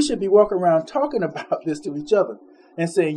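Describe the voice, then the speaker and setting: A man preaching an informal sermon in a conversational way, laughing between points and slowing down to read scripture. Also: sits high, animated, warm tone.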